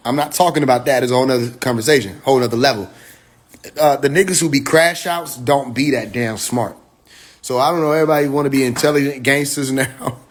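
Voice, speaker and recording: A man talking casually to his viewers on a phone livestream, excitable, laughing often and swearing freely. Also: medium pitch. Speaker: livestream host.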